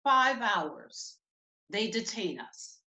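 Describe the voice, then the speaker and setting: A woman telling a painful personal story in an emotional, halting way. Her voice sits on the higher side. The sound rings around an echoey room. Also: animated, pushed and bright. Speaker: speaker at a community event.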